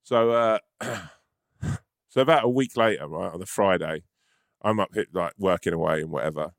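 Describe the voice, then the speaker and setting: A low-pitched man from London tells a long anecdote in loose, casual chat. He swears freely and stumbles through restarts as he goes, and the sound is close and dry with no room around it. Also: moderate pace, gravelly, no echo. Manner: rambling storyteller, swears freely, many restarts. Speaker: podcast co-host.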